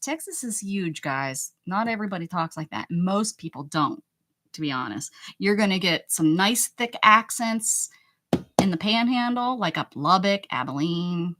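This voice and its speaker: A livestreaming art journal creator chats with her audience while crafting a page, reacting to the chat with jokes and exclamations. She speaks in an animated, somewhat bright voice on the low side, unhurried, with slight background noise.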